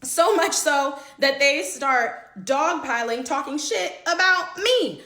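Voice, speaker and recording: A young woman with a high, bright voice tells a juicy story about a friend while she gets ready. She talks casually and dramatically and acts out everyone's lines. The recording has a roomy, echoey feel. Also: slow pace. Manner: animated, dramatic retelling with quoted dialogue.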